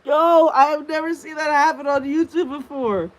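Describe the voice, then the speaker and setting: A woman's voice: high-pitched, steady tone, moderate pace, poor audio. A woman streaming and reacting to videos in casual commentary, crude and joking, swearing often.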